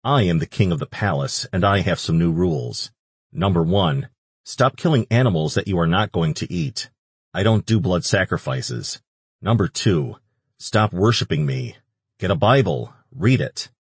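A man's voice: low-pitched, animated, normal speed, slightly rough, no room sound. A man voicing a surly, foul-mouthed male demon king who curses and snaps irritably. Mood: scornful. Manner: crude, irritable and cursing.

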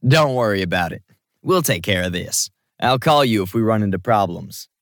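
A man's voice: lowish voice, normal speed, no room sound, studio quality. A man reading an audiobook, voicing a teasing, affectionate young man who jokes easily. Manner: joking, relaxed.

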